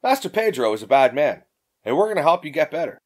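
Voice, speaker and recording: A man's voice: a little high, sing-song, fast, darkish tone. A man voicing a brash, swearing young woman adventurer in an audiobook. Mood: urging. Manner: blunt, swearing, impatient.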